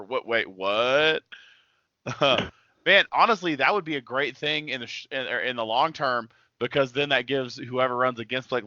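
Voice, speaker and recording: A man co-hosts a podcast with a bright, forceful voice. He reacts fast, laughs often and swears casually. The sound is dry and a bit muffled. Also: mid-range voice, dry recording. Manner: laughing, profane, quick reactions. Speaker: podcast co-host. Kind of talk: casual political chat.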